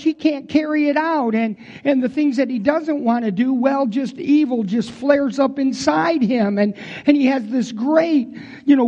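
A man's voice: very high-pitched, a little mellow, highs cut off. A pastor preaching a conversational sermon in a folksy way, talking straight to his congregation.

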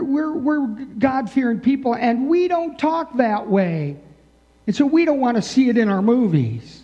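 A man's voice: high voice, dark tone. A man preaching a sermon in a church, talking conversationally with many "you know" asides. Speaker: pastor. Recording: dull sound with long hall reverb.

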